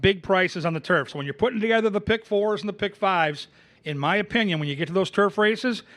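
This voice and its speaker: High-pitched male handicapper, relaxed, knowing, casual chat. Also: brisk, dry recording. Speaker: horse racing handicapper.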